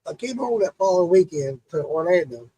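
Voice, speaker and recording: A man's voice: high voice, animated, brisk, dark tone, husky, no room sound, poor audio. A man telling a long, profane story in casual chat and acting out the quotes.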